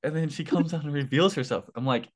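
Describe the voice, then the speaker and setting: A young man interviewing a fellow contestant in a loose, rambling way, full of "like" and quick apologies. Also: fairly high pitch. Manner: rambling, filler-heavy, apologetic. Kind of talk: casual chat.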